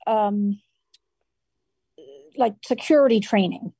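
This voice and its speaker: A woman from the audience speaking on an online meeting, measured and pausing on fillers as she explains. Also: mid-range voice, warm tone, slightly rough. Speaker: audience member sharing experience. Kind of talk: casual online meeting chat.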